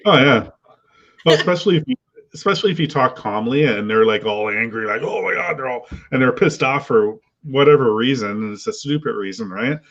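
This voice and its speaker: A man's voice: medium pitch, a little fast, a bit bright, lo-fi sound. A man hosting a casual panel chat, talkative and asking his guests questions over a video call. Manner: chatty, asks guests questions.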